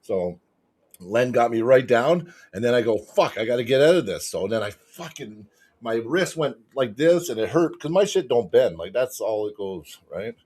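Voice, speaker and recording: A man telling a match story as a podcast guest, excitable and swearing constantly. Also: mid-range voice, normal speed, breathy edge. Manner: excitable, profanity-heavy retelling. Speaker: podcast guest, arm wrestler. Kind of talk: casual storytelling chat.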